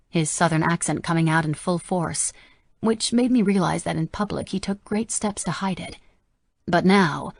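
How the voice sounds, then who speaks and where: A woman reads a novel aloud in the first person with a steady storytelling delivery. Her voice sits on the low side of the female range, and the recording is dry and close. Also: creaky, slightly rough, dry recording. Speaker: audiobook narrator.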